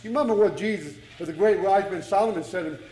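A male preacher with a notably high voice delivers a sermon. He speaks slowly and deliberately, stacking repeated phrases for emphasis. The room is echoey, like a church sanctuary. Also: dark tone.

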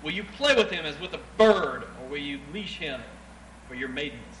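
A man preaching a sermon, reading scripture aloud, swinging between loud emphatic passages and quieter asides. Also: fairly high pitch, lively intonation, moderate pace. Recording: echoey room with clear background noise.

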